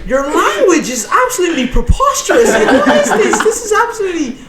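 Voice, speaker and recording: A posh prim lad, squeaky high voice, roomy echo. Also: male voice, wildly swooping pitch, fairly quick, far from the mic, over a noisy crowd, heavily acted. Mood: indignant. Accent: Irish. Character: posh prim young man who never curses.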